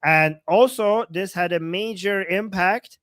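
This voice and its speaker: A woman's voice: medium pitch, slow pace, no room sound. A woman co-hosting a livestream, commenting casually and animatedly, often laughing and mimicking voices. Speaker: livestream co-host.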